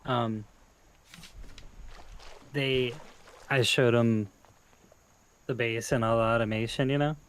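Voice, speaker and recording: A man's voice: mid-range voice, fairly even intonation, slow pace, pauses often, clean tone. A man streaming a game, telling stories to his friend and explaining his setup to viewers in a laid-back way. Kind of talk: casual gaming stream chat.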